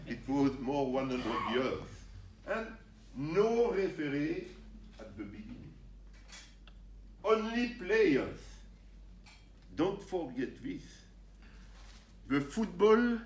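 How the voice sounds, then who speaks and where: An older man from France with a French accent, giving an animated, jokey talk to referees in broken English. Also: a little high, a little hiss or hum. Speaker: guest speaker. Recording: roomy sound from a distance, faint ambience.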